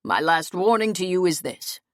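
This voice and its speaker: A woman narrator voicing a stern, commanding medieval lord who speaks with measured, cold authority. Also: fairly low pitch, sing-song, no room sound, clean studio sound. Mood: warning.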